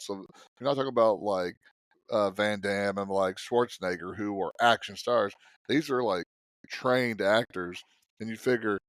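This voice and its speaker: Man, podcast co-host, rambling, repeats himself, mid pitch, dry mic. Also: no echo. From American South. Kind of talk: casual movie podcast chat.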